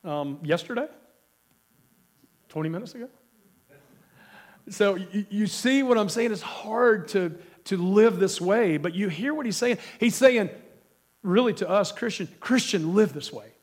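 Emphatic preacher with a cold, high voice. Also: male voice, lively intonation, unhurried, long pauses. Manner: emphatic, asks the congregation questions. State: has a cold. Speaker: pastor. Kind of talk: sermon.

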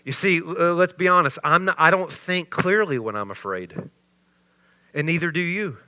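A male pastor preaching a sermon, with sarcastic asides that build into loud, animated bursts. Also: on the high side, normal speed, no room sound.

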